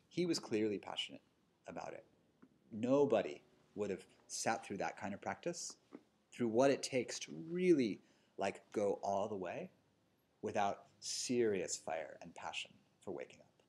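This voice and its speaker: Speaking to a live seated group in a yoga studio, a meditation teacher with a husky, mid-range, slightly mellow voice delivers a casual dharma talk. He tells stories and tags his lines with "right?" and "you know."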